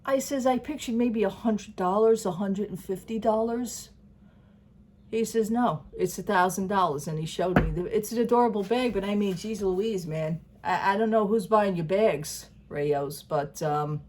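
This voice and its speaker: A woman's voice: mid-range voice, normal speed, a little mellow. A woman chatting casually to her channel, telling a long story and acting out both sides of a conversation. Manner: chatty storyteller, acts out dialogue, laughs often. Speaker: vlogger. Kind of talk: casual chat to camera.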